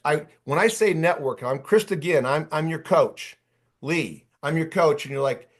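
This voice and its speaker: A man's voice: fairly high pitch, moderate pace. Fired-up man in his fifties coaching. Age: 50s. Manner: animated, chatty, fired up, addresses attendees by name. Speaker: workshop coach. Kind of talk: energetic online workshop talk.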